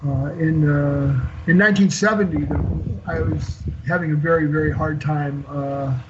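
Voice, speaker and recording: A man in his sixties, a guest on an interview show, telling an emotional personal story in a halting way with many fillers and restarts. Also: a little high, fairly even intonation, noisy background. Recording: dull lo-fi call audio.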